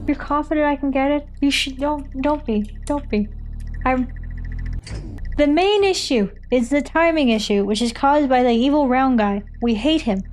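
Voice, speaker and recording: A woman's voice: sits high, normal speed, darkish tone, a little hiss or hum. A young woman streaming a puzzle game, thinking aloud in a rambling, jokey way and chatting with her viewers, sounding tired and foggy. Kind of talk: casual live-stream chat while gaming.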